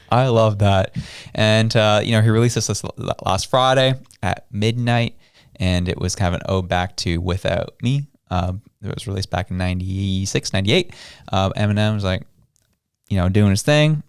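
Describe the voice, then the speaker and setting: A man's voice: lowish voice, normal speed, clean tone, no room sound, clean studio sound. A man co-hosting a podcast, talking in a laid-back, slangy way and often saying dude. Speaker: podcast co-host. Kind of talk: casual chat.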